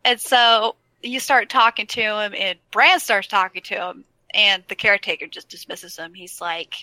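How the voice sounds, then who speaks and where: Bright-voiced woman recapping a game quest. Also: mid-range voice, fairly even intonation, moderate pace, no room sound, low-quality recording. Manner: enthusiastic storytelling, recaps quests. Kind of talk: casual game chat.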